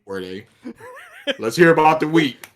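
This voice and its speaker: A man's voice: on the high side, lively intonation, a little slow. A man on a casual podcast chat, throwing in joking, mocking asides. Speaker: podcast co-host.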